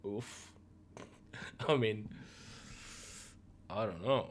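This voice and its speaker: A man hosts a gaming news show, chatting with viewers in a relaxed, rambling style packed with fillers. He is losing his voice and coughs occasionally, speaking slowly with long pauses in a mid-range voice. A little hiss or hum is audible.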